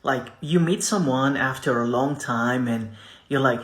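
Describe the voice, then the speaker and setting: Brief: male language teacher, unhurried drilling delivery, echoey room. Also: medium pitch, animated. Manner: repeats each phrase slowly for practice; casual, chatty explanations. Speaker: French teacher. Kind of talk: beginner language lesson.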